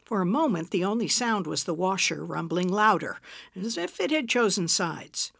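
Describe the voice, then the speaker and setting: A woman narrating a story in an expressive, unhurried reading voice. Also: fairly low pitch, vocal fry, no room sound, clean studio sound.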